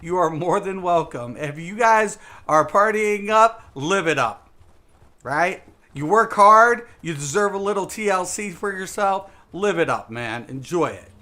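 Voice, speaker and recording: A man's voice: high-pitched, expressive, measured pace, sharp tone. A man streaming a game live, chatting casually with viewers in a rambling, emphatic way, repeating words and saying "dude" a lot. He sounds a little tipsy.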